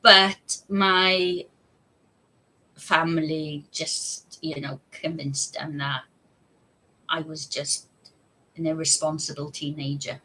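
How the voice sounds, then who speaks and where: A woman's voice: deep voice, fairly even intonation, takes it slowly, long pauses, sharp tone, a little hiss or hum, low-quality recording. A woman talking candidly on a live stream, chatty and rambling, with frequent laughs. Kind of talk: casual live stream chat.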